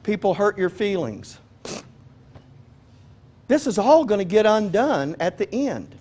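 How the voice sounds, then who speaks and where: A man's voice: high-pitched, sing-song, measured pace, a little mellow. A man preaching a sermon in a conversational, joking way, often asking his listeners questions. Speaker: pastor.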